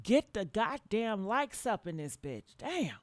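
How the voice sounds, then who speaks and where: A woman hosting a reaction commentary with a hoarse voice, talking in a blunt, profane and preachy way. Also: medium pitch, very animated, slow, dry recording, studio quality. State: hoarse from yelling. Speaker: commentary show host.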